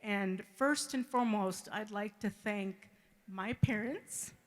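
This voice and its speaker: Emotional middle-aged woman giving a wedding speech. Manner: halting, repeats words, deeply grateful. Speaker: mother of the bride.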